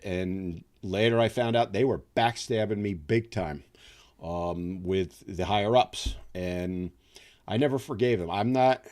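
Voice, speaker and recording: A man from upstate New York hosting a casual livestream, talking in a rambling, conversational way with many fillers. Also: mid-range voice. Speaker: livestream host.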